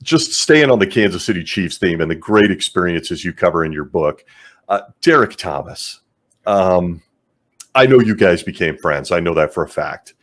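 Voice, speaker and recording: A man's voice: deep voice, animated, normal speed, fairly bright tone. A man hosting a casual interview, responding with enthusiasm and laughing along with his guest. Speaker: interview host.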